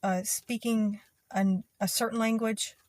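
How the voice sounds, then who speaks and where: A young woman from Texas with a Texas twang, talking casually to her channel in an easygoing, rambling way with many pauses and ums. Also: a little high, fairly even intonation, a little mellow, no echo. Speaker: video creator. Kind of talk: casual talk to camera.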